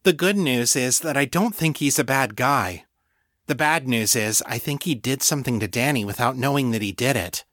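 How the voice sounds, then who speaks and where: Rebecca, a determined young psychic woman, sounds earnest and urgent about trouble she suspects, in a plain, close, dry audiobook read by a man doing her lines. She is voiced lightly, close to the reader's own middle-pitched voice. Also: moderate pace, a bit bright, no echo, natural voice. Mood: worried.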